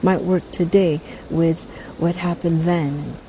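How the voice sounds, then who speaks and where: A middle-aged woman answers interview questions in a soft, mellow, low-set voice. She talks haltingly and circles back on her words. A faint ambient hiss sits under the recording. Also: fairly even intonation, poor audio. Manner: soft, halting, repeats words while searching for them. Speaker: interview guest, veteran entertainer. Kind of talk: casual interview conversation.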